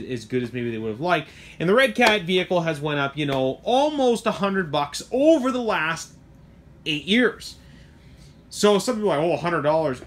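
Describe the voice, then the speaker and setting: A middle-aged man with a slightly higher voice talks shop in a loose, animated way. He rambles, doubles back and throws in mild cursing as he walks through a truck he sells. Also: a little hiss or hum. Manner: animated, rambling, swears mildly, lots of asides. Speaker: hobby shop owner reviewing a truck. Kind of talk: casual product talk.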